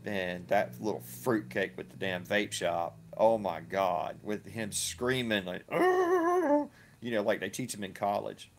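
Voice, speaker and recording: A man's voice: lowish voice, fairly even intonation, measured pace, few pauses. A man giving ranting reaction commentary, crude, profane and mocking, often repeating himself. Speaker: online video commentator.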